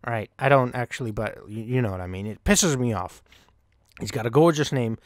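A man's voice: medium pitch, lively intonation, a little fast, no echo, studio quality. A young man casually commenting while playing a cricket video game, rambling and swearing offhandedly. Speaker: gaming channel host.

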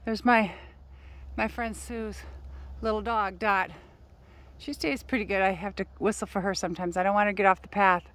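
A woman's voice: fairly even intonation, moderate pace, pauses often. A woman talking casually to her phone camera outdoors while hiking uphill, out of breath and rambling. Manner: rambling, calls her dog in high shouts. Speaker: vlogger. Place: outdoors on a hill trail.

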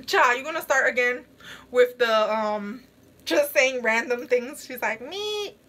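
A woman's voice: on the high side, measured pace, fairly bright tone. A young woman vlogging casually in a face mask, giggling often as she reacts to a movie and to comments from her chat. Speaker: beauty vlogger.

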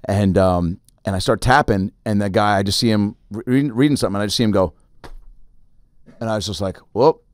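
A man hosting a podcast, telling a story in a casual, animated way and acting out the people in it. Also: fairly low pitch, fast talker, no room sound, studio quality. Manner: animated, acts out other people in his stories. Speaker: podcast host.

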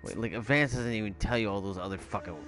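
A man swearing nonstop at a video game while he plays, sliding from low grumbling into loud outbursts. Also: quick pace, music in the background. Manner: profane, swears constantly at the game; explodes into shouting when frustrated. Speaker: gamer. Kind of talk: raging gameplay commentary.

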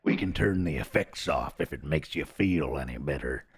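A man's voice: a bass voice, animated, moderate pace, breathy edge. A man streaming from his home office, casually joking and thanking his chat.

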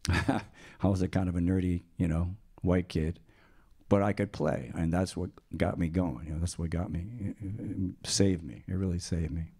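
An older man, a pianist and author, talking casually in an interview, relaxed and rambling, with lots of restarts and "you know.". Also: low voice, normal speed, husky.

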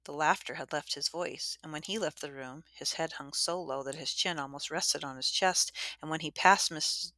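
Low-voiced woman reading a storybook. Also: moderate pace, hardly any pauses, sharp tone, dry recording. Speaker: audiobook narrator. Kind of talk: first-person storybook narration.

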